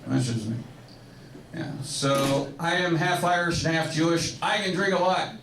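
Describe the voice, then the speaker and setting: A man doing a stand-up comedy set on a comedy club stage, telling jokes in a laid-back, deadpan way. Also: a little high, normal speed, background noise. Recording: echoey club from far off with faint ambience.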